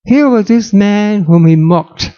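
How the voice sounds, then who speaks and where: A man's voice: high-pitched, slow, warm tone, lo-fi sound. A man preaching a sermon dramatically, using rhetorical questions.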